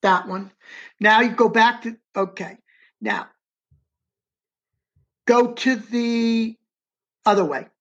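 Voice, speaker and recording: During an interview, an eyewitness narrates emphatically in the first person, breaking off to tell someone where to move a map on screen. The recording is muffled, and his very high voice has a slightly bright quality.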